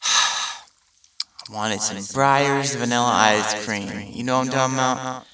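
A man's voice: medium pitch, steady tone, takes it slowly, pushed and bright, far from the mic. A man hosting a comedy podcast, rambling through a profane, incredulous monologue. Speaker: podcast host.

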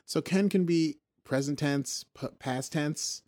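A man's voice: on the high side, slow, a little mellow. A man hosting a podcast, casually recapping a TV episode in a rambling, joking way, often correcting himself. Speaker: podcast host.

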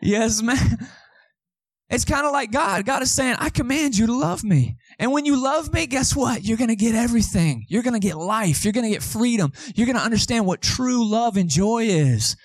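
A man's voice: very high-pitched, lively intonation, fairly quick, few pauses, no echo, clean studio sound. A man preaching a sermon as pastor, conversational, with asides to the congregation.

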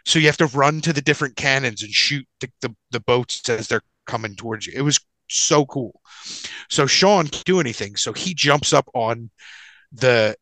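A man's voice: mid-range voice, normal speed, bright, forceful tone, no room sound, rough recording. A man telling a long anecdote on a casual podcast, rambling and profane, full of restarts and asides. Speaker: podcast co-host.

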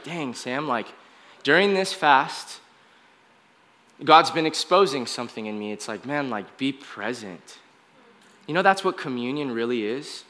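A man's voice: mid-range voice, bright, forceful tone. A young man preaching a conversational, confessional sermon as a pastor, peppered with casual filler words.

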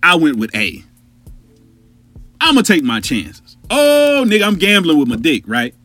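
A man with a husky, slightly breathy voice that swings widely up and down as he tells a story. He is animated and profane and speaks straight to his listeners as a podcast host. Faint music plays behind him. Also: fairly high pitch, normal speed, dry recording.

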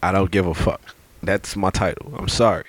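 A man from Brooklyn, co-hosting a casual podcast chat and telling stories in an animated, profane way. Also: deep voice, normal speed. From Brooklyn, New York. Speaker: podcast co-host.

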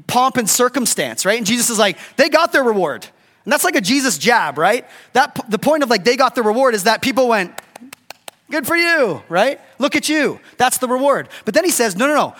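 A man's voice: extremely high pitch, fairly bright tone, long reverb tail. A middle-aged man preaching a casual, conversational sermon as a pastor, often checking in with "right?". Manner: conversational, keeps asking "right?".

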